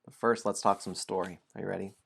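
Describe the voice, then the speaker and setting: A man's voice: low voice, fairly even intonation, fast, vocal fry, fairly bright tone, breathy edge. A man hosting a game stream, chatting playfully and apologetically with viewers and reading a story aloud, laughing often. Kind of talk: casual stream chat and storybook narration.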